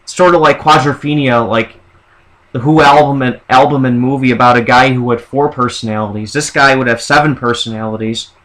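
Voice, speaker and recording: A man talking alone to his camera in a loose, rambling way, working through a list of ideas. His voice sits at an ordinary pitch. He often restarts his sentences. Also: fairly even intonation, brisk, a bit bright, rough recording. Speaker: vlogger. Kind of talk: casual monologue listing ideas.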